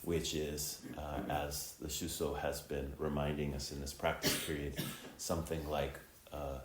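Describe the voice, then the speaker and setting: A middle-aged man giving a dharma talk as Zen teacher and preceptor, reflective and unhurried, with many ums and uhs. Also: a bass voice, flat delivery, slight background noise. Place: temple hall. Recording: echoey temple hall, faint ambience.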